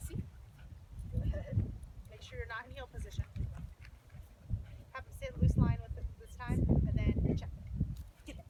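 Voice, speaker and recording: A woman's voice: high voice, huge pitch swings, measured pace, long pauses. A woman working as a dog trainer, giving direct, encouraging instructions and praising the dog during an outdoor coaching session. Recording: distant, dull, noisy outdoor recording.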